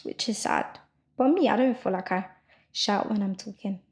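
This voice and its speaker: A young woman co-hosting a podcast, talking loudly and quickly in a rambling casual chat full of fillers. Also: medium pitch. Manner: loud, fast rambling with many fillers. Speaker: podcast co-host.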